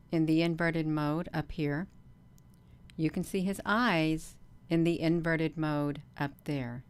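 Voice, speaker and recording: Slow, low-voiced woman vlogging. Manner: slow, earnest, repetitive, with many ums. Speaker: channel host. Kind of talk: casual livestream vlog.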